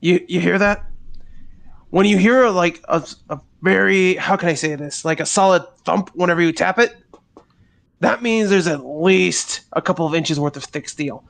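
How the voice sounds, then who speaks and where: A man's voice: high-pitched, moderate pace, vocal fry, fairly bright tone. A man voicing a methodical male tinkerer character in a tabletop game, talking through things step by step. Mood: explaining. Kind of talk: tabletop role-play voice.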